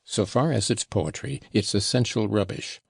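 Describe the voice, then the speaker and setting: A man's voice: on the low side, normal speed, gravelly, husky, no room sound, studio quality. Man voicing a curt, scornful young servant. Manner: curt, disdainful. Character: sullen proud young male servant, contemptuous. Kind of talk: audiobook reading.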